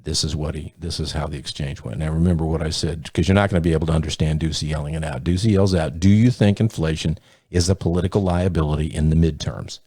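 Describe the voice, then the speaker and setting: A man's voice: rumbling low, steady tone, quick pace, warm tone, husky, no room sound, clean studio sound. A man hosting a podcast, giving blunt, profane, sarcastic commentary in a casual way. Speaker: podcast host.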